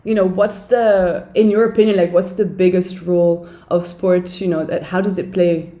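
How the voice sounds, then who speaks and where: A woman's voice: lowish voice, fairly even intonation, normal speed, dark tone. A woman hosting a casual podcast interview, laughing often and asking long, rambling questions full of fillers.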